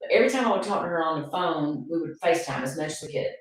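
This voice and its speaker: Low-voiced woman host, echoey room. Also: animated, very fast. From Appalachian North Carolina. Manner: earnest, repeats herself for emphasis. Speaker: podcast host. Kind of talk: emotional casual conversation. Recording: echoey room, far from the mic.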